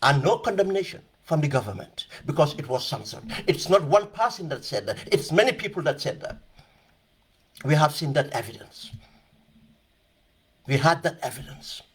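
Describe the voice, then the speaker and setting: A man's voice: fairly high pitch, big pitch swings, normal speed, husky. A man giving emphatic, impassioned political commentary, repeating phrases for stress. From Gambia.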